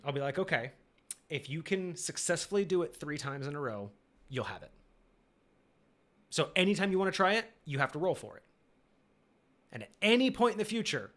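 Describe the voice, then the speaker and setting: A man's voice: mid-range voice, a bit bright. A man hosting a casual live-stream discussion about running tabletop games, rambling with many fillers and acting out players' lines. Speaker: game master and podcast host.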